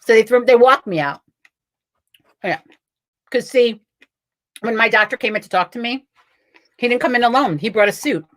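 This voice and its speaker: A woman's voice: on the high side, lively intonation, moderate pace, long pauses, fairly bright tone. A middle-aged woman hosting a live card-reading stream, chatting casually and bluntly, swearing freely and reading viewer comments aloud.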